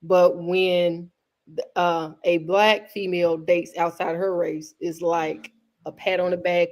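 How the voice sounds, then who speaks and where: A woman hosting a podcast who talks in a relaxed, conversational way with many fillers. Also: fairly low pitch, slow pace. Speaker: podcast host. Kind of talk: casual podcast chat.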